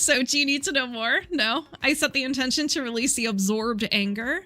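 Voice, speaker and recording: Bright-voiced chatty woman healer. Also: on the high side, moderate pace, few pauses, faint music behind. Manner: chatty, laughs often, asks and answers her own yes-no questions. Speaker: energy healer. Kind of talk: live healing session.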